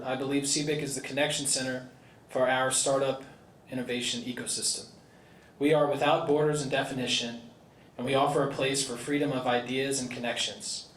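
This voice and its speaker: A man who chairs the board reads earnest prepared remarks at a podium during an indoor gala. His pitch is medium, with a bit of hiss or hum in the recording. The large banquet hall sounds roomy, with faint ambient noise.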